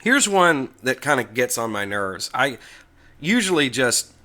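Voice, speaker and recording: An American man hosts a casual tech talk video, relaxed and chatty, in a mid-range, unhurried voice. Now and then he corrects himself as he goes.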